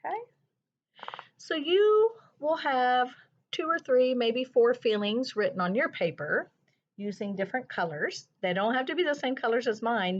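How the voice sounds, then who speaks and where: Gentle woman teacher, dull lo-fi sound. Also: a little high. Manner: slow, soothing, thinking aloud with soft hums. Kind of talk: gentle classroom lesson on feelings.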